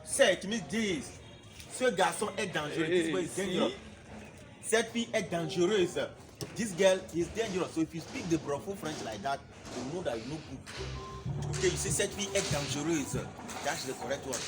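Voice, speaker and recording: A man's voice: a little high, normal speed, music in the background. A man teaching a French class, drilling words and having students repeat them. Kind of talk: classroom language lesson.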